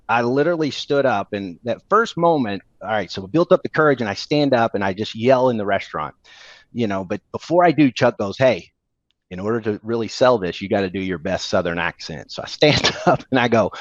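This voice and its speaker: A man co-hosting a podcast, telling stories in a casual, animated way and laughing often, on a dull, dry recording. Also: on the low side, fairly quick, dry recording. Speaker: podcast co-host. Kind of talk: casual storytelling chat.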